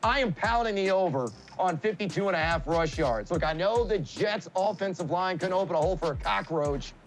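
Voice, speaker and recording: A man giving fantasy football picks in an energetic, emphatic way on a studio sports show. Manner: hyped, emphatic pitch.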